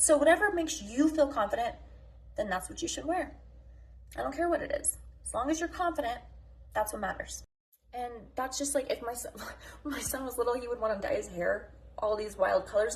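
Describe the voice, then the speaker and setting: A woman delivering a passionate, unscripted morning rant as a mom vlogger. She is blunt, combative and full of swearing, and she jumps from topic to topic. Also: high-pitched.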